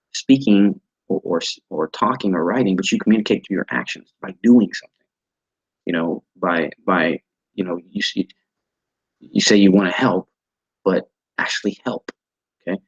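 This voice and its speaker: A man with a low, husky voice teaches an online training class over a video call. He talks in a halting way, repeating words and restarting his sentences. The sound is dry and dull, like lo-fi call audio. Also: no room sound. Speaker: instructor.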